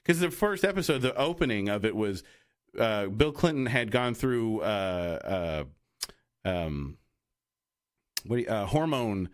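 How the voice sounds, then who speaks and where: A man's voice: fairly low pitch, animated, a little slow, pauses often. A man co-hosting a podcast in casual chat, rambling through tangents and restarts and acting out quoted lines. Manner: acts out quoted voices. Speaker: podcast co-host.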